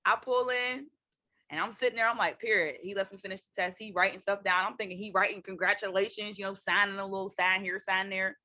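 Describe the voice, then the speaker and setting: A woman in her twenties, co-hosting and telling a story in casual, slangy, animated chat, laughing often. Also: mid-range voice, quick pace. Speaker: co-host.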